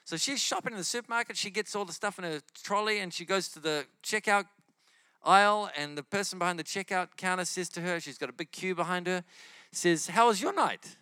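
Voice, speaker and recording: A man with a New Zealand accent, preaching as a guest and telling testimony stories in a lively way. He acts out the dialogue in his stories. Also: high voice, brisk, clear, resonant tone, no echo. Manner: lively storyteller acting out quoted dialogue.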